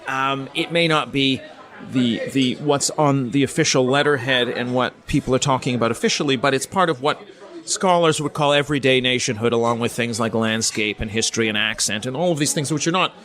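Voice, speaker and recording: A middle-aged man from Canada speaks as a podcast guest, laying out his points patiently like an academic. His pitch sits in an ordinary middle range, and he often pauses with "um" and repeats words as he builds each thought. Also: fairly bright tone. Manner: measured, explanatory, with frequent ums and restarts. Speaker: guest, politics professor. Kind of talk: podcast interview, academic explanation.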